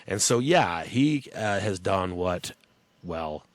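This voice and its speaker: A man's voice: sits low, expressive, slow, dry recording. A man co-hosting a podcast, casually recapping for listeners and laughing along. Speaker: podcast co-host.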